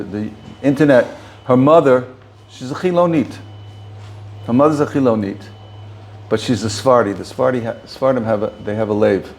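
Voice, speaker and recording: A man's voice: medium pitch, darkish tone, slight background noise. A man, a rabbi, giving an informal talk to a small group, often repeating and restarting words.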